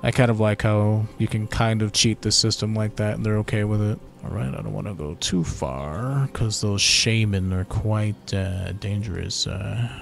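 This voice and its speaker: A man hosting casual gameplay commentary, relaxed and chatty as he thinks aloud while playing. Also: on the low side, moderate pace, creaky, few pauses. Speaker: gaming channel host.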